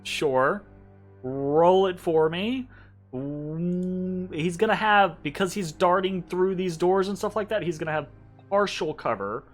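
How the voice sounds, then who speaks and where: A man's voice: high voice, slow pace. A man narrating as game master in a tabletop game, casual and loose, with many fillers and tag questions. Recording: faint background music.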